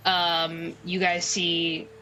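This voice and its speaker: Slow-talking woman running a tabletop game. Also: on the low side, completely flat delivery, noisy background. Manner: unhurried, with many fillers and restarts. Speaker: game master.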